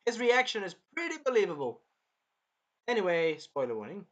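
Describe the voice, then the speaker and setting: A man's voice: sits high, sing-song, a little fast, a bit bright, dull audio. A man giving a casual episode review, rambling, repeating himself and swearing. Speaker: show reviewer.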